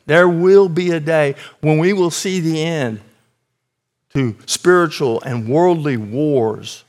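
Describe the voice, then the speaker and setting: A man delivers a sermon with earnest emphasis, stretching key phrases and lifting his volume to drive points home. His voice sits fairly high for a man. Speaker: preacher.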